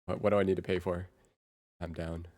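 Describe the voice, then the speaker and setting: A young adult woman livestreaming in casual chat, excitable and quick to repeat herself in bursts. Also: a bass voice.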